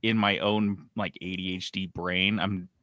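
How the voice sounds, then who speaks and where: A man co-hosting a casual gaming podcast, animated and jokey, swearing casually and reading ads and news with energy. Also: deep voice, a little slow, no room sound. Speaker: podcast co-host.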